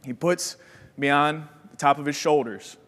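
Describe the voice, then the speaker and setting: A young man from Wisconsin giving a motivational keynote, telling his story with energy and acting out the voices in it. His voice sits a little higher than most men's. The sound carries a long reverb from a large hall. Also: normal speed. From Wisconsin, USA. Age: young adult. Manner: energetic storyteller who acts out quoted voices. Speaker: keynote speaker.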